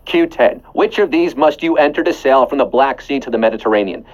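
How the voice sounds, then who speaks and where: With a mid-range, expressive voice and a slightly fast delivery, a man hosts a live trivia game show over dull-sounding audio. He's a playful quiz host who throws in puns and bursts of song between questions.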